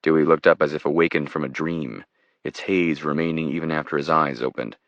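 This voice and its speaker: Deep deep male voice reading a thriller, steady, kinda muffled dry audio. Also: a little fast, no echo. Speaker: audiobook narrator. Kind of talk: scripted thriller narration.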